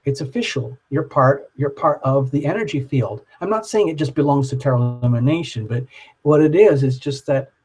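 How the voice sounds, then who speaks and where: Guy doing a live tarot stream, meandering and spacey, average pitch. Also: moderate pace, darkish tone, low-quality recording. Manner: rambling, dreamy, lots of "like" and "you know". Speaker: tarot reader hosting a live show.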